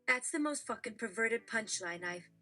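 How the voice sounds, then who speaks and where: Lady reading as a foul-mouthed agent guy, shocked and loud, bright pushy voice. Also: a little high, lively intonation, normal speed, faint music behind. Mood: outraged. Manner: crude, exasperated outbursts. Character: brash excitable male comedy agent.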